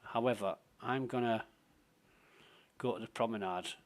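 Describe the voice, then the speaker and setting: A man's voice: mid-range voice, measured pace. A man, streaming a game live and giving rambling, profane, sardonic commentary.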